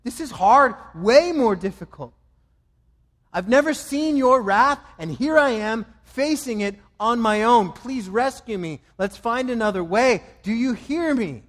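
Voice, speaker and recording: A man's voice: very high-pitched, animated, measured pace, a bit bright, in a large hall, voice pushed up, heavily acted. A preacher voicing a desperate man pleading. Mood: tearful. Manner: anguished, begging.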